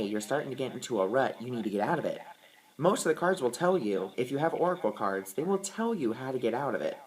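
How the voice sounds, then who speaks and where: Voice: mid-range voice, poor audio. A person explaining oracle and tarot cards in a casual, earnest, reassuring way, often repeating words for emphasis. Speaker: tarot and oracle card reader. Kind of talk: casual explanatory talk to camera.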